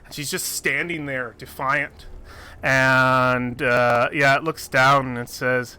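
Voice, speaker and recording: A man narrating as game master with slow, descriptive storytelling. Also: mid-range voice, steady tone, bright, forceful tone, clean tone.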